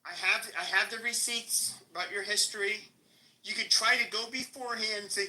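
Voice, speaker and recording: A man's voice: sits high, steady tone, brisk, pushed and bright, low-quality recording. A man with an American accent hosting a live podcast stream, taunting and cursing at a rival in a heated rant. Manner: aggressive, taunting, profane. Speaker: podcast host.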